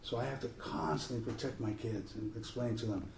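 A man, an author, giving an animated, jokey talk and Q&A to a live audience, slipping into impressions. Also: medium pitch, brisk, creaky, hardly any pauses, a little hiss or hum. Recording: roomy hall, voice from a distance.

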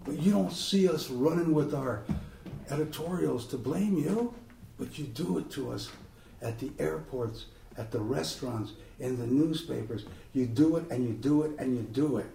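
Gravelly man speaking in a roomy hall. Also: medium pitch, normal speed, recorded from a distance, a little hiss or hum. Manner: animated, jokey, slips into impressions. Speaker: author at a book talk. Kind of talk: talk and Q&A to a live audience.

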